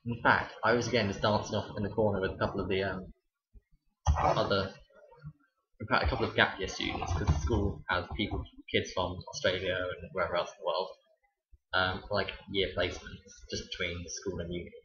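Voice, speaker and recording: A young man tells teaching stories in a wry, chatty way. His voice sits low. The recording is dull and roomy, with echo from bare walls. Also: little pitch movement, fairly quick, a bit bright. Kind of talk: casual storytelling vlog.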